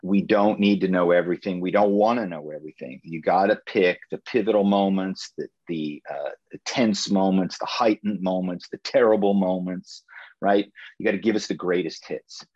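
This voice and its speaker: A middle-aged man, an author being interviewed, talking in an animated, storytelling way with frequent restarts. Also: sits low, normal speed, dry recording, highs cut off. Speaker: author and guest. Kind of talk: casual interview chat.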